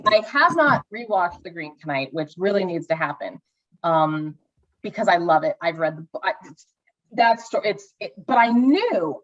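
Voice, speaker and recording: A woman's voice: mid-range voice, lo-fi sound. A woman co-hosting a podcast in casual chat about films, gushing and rambling with many restarts and acted-out asides. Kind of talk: casual movie review chat.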